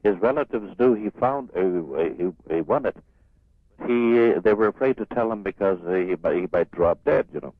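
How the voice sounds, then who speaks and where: A man's voice: lowish voice, moderate pace, no echo. An older man, a radio guest telling a rambling joke with restarts. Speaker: interview guest. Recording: tinny phone-like radio audio.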